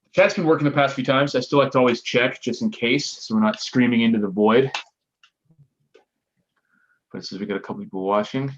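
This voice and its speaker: A man's voice: on the low side, muffled recording, slight background noise. A man with a stuffy nose, casually co-hosting a live-streamed talk show. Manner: easygoing, chatty. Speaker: podcast co-host.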